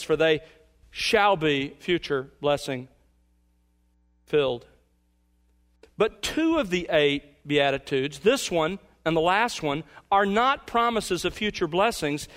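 A man with a somewhat higher voice preaching a verse-by-verse sermon from the pulpit. He speaks in an emphatic, measured way and slows down to lean on the words that matter. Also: a bit bright. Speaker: pastor. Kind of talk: expository sermon.

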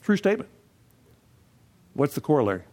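A man's voice: fairly high pitch, very animated, a little fast, darkish tone. Folksy older man teaching a class. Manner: folksy, asks the class questions and answers them himself. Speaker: financial education instructor. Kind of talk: classroom lecture.

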